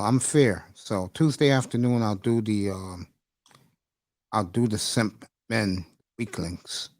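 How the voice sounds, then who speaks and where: This livestream host's voice sits on the low side with a darkish tone, recorded dry and at studio quality. Chatting casually, he rambles emotionally and refers to his listeners as bro and folks.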